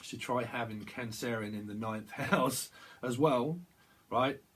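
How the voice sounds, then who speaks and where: Rambling husky man reading tarot. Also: medium pitch, unhurried, fairly bright tone. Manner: rambling, self-interrupting, repeats words, laughs at himself. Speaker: tarot reader.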